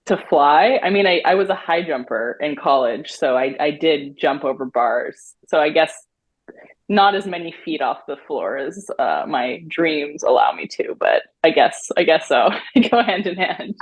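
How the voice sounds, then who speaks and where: A woman host asks her guest questions in a relaxed chat and laughs often. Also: low voice, moderate pace, husky, low-quality recording. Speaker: podcast host. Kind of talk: casual interview chat.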